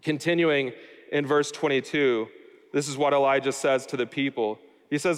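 A man's voice: medium pitch, fairly even intonation, moderate pace, clear, resonant tone. A man preaching a sermon, explaining a scripture passage verse by verse and adding wry everyday asides. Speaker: pastor. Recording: long hall reverb.

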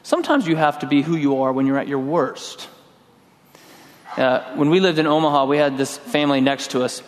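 A middle-aged man preaching a sermon in a relaxed, conversational way, telling a personal story and acting out his own lines. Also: a little high, a little fast, slight background noise. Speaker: pastor. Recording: long hall reverb.

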